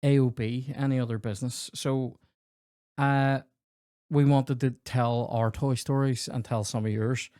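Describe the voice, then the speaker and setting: A man hosting a comedy podcast, spinning loose, profane stories about childhood and slipping into other people's voices as he goes. His voice sits at an ordinary middle pitch and sounds close and dry, with no room around it. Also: unhurried, clean tone, no room sound. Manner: rambling, sweary, animated anecdotes with acted-out dialogue. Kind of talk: casual storytelling chat.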